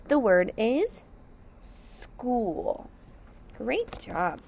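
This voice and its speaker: A woman teaching a slow, deliberate phonics and sight-word lesson for young children, sounding out each letter and syllable and praising the class. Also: a little high, huge pitch swings, creaky, darkish tone, a little hiss or hum.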